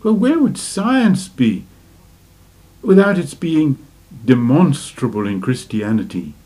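Male religious teacher, unhurried lecturing delivery, mid-range voice, checks in with rhetorical questions. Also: mid-range voice, big pitch swings, warm tone. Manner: deliberate, with rhetorical questions to listeners. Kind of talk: slow spiritual lecture.

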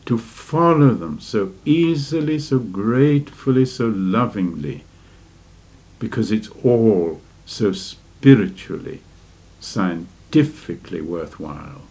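A man giving a slow, deliberate spiritual lecture and asking his listeners rhetorical questions. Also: lowish voice, expressive, darkish tone. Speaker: religious teacher.

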